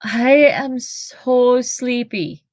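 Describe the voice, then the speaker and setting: A woman's voice: high-pitched, measured pace, a little mellow, no room sound, pitched above the performer's own voice. Pippin, a woman playing a sleepy whiny hobbit. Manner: drowsy, whiny. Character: sleepy young male hobbit, complaining.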